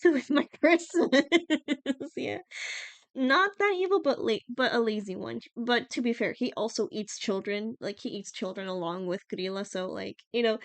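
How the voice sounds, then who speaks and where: A woman's voice: on the high side, no echo. A young woman from Iceland chatting casually on a livestream, giggling often and using lots of fillers.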